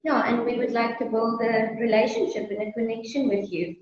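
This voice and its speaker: A woman's voice: fairly high pitch, steady tone, a little fast, darkish tone. A South African woman talking as a guest business owner in a friendly, casual interview, laughing often. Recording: echoey, distant, muffled sound.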